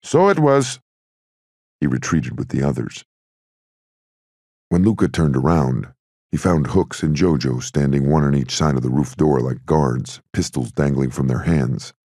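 A man giving steady, gritty scripted narration of an audiobook. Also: very deep voice, moderate pace, husky, no room sound, studio quality.

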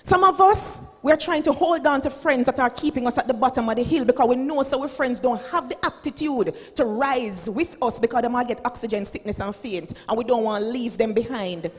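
A Jamaican school principal in her forties gives a fiery motivational keynote to teachers in a high, carrying, husky voice, moving briskly with few pauses. She preaches dramatically, switching between standard English and Patois. A big hall's long reverb rings around her words.

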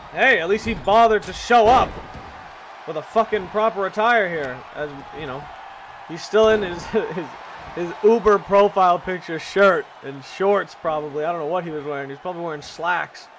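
A man doing casual, profane play-by-play commentary of a wrestling video game, excitable and jokey, often shouting and laughing. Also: high voice, normal speed. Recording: loud crowd and game noise behind. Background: video game arena crowd.

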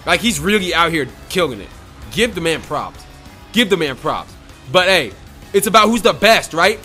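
A man giving excited, trash-talking commentary over his own football video game match, repeating his phrases. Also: high voice, normal speed, faint music behind. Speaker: gaming YouTuber. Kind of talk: live gameplay commentary.

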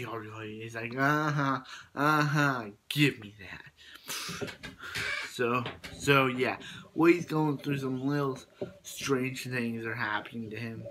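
Bright-voiced man rambling through a plot. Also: medium pitch, slight background noise, rough recording. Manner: rambling, with frequent restarts and quoted lines. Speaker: movie reviewer. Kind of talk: casual plot retelling.

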